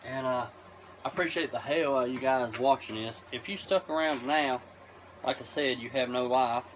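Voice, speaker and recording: A man's voice: mid-range voice, moderate pace. A man vlogging casually while grilling outdoors, talking to his viewers in a loose, rambling way full of swearing. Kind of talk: casual rambling chat to camera. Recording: loud insect and cricket noise outdoors.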